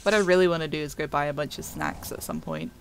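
A woman's voice: low voice, fast, gravelly, slight background noise. A woman streamer chatting casually over gameplay, giggling often and talking to her chat.

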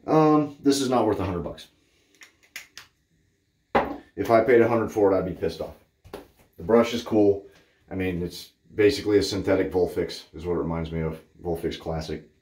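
In his echoey bathroom, a Cape Cod, Massachusetts shaving vlogger gives a candid, blunt, rambling review of a shaving product as casual chat. He has a deep, darkish voice, talks at normal speed with long pauses, and there's slight background noise.

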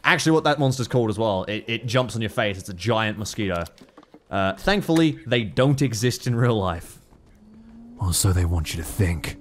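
Young Aussie gamer, practiced deep voice, rambling commentary full of swearing. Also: male voice, expressive, normal speed, slight background noise. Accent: Australian. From Australia. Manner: swears freely, rambling and self-mocking. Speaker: gaming YouTuber. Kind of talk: casual gameplay commentary.

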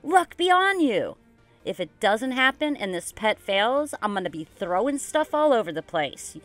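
A woman vlogging her gameplay casually, excitable and dramatic, rambling with lots of "like". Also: mid-range voice, normal speed, faint music behind. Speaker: gaming YouTuber. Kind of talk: casual game commentary vlog.

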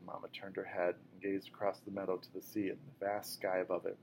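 A man with a fairly low voice reads a novel aloud at an even pace, pausing to fix the odd slip. A faint hum of room noise sits under his voice. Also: gravelly, rough recording. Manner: steady reading with small self-corrections. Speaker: reader.

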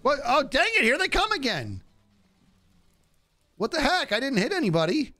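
A man with a very high voice streams a video game live at a moderate pace of speech. This gaming streamer keeps it casual and animated, joking at and talking to the enemies on screen.

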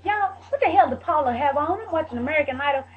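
A woman with a high voice drops quick, gossipy asides into a casual chat, laughing between lines. The sound is dull and lo-fi. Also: lively intonation, faint music behind. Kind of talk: casual chat, side comments.

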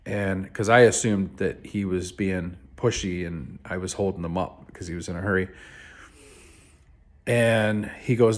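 A man's voice: deep voice, a little slow. A man from Canada telling a personal story to camera in a laid-back, rambling way, with many fillers and some swearing. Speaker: vlogger.

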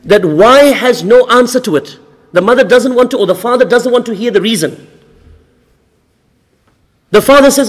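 A man's voice: very high voice, animated, fairly quick, long pauses. A man preaching a sermon in a mosque, firing off rhetorical questions and repeating phrases for emphasis. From Australia. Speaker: sheikh giving a mosque lecture. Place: mosque hall. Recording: reverberant mosque hall.

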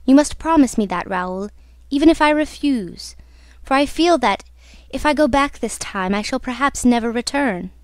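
A woman's voice: high-pitched, expressive, moderate pace, no echo. A woman reading as a frightened young singer. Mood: pleading. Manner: pleading, trembling.

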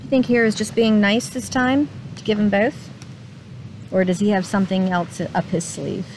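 A woman reading a picture book aloud to children at a slow, expressive pace. She often pauses to put questions to her listeners. Her voice sits in a middle pitch, with a faint hiss behind it.

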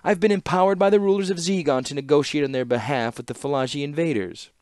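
A cool, guarded young woman with a sly, clipped way of speaking, as a male audiobook reader puts her on. The voice sits noticeably higher than the reader's own. It is heard close and dry, with no room sound. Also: fast talker, a little mellow, dry recording, close to an everyday voice. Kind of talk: audiobook character voice.

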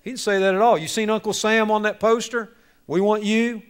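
Casting: male preacher, high-set voice, animated storyteller who jokes with the crowd. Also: fast talker, clear, resonant tone. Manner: animated, acts out characters, jokes with audience. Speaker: speaker to youth on bullying. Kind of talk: lively sermon storytelling.

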